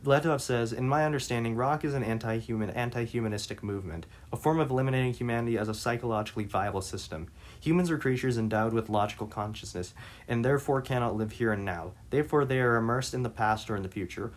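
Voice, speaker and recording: A man reading interview passages aloud and commenting on them, halting with frequent restarts and fillers. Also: mid-range voice. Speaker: reader and commentator.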